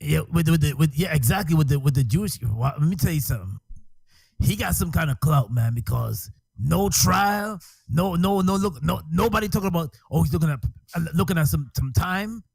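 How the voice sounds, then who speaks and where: A man co-hosting a casual podcast discussion, with a husky voice and stammering restarts. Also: a little high, lively intonation, a little fast, dry recording. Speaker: podcast co-host.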